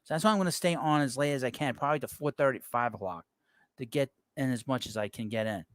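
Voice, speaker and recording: A man chats his way through a live baseball show, reading out viewer messages and tossing off quick opinions. His voice sits at an ordinary middle pitch. The sound is close and dry, with no room echo. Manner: rambling, reads viewer messages aloud and reacts offhand. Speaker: sports talk show host. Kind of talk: casual live-stream chat about baseball.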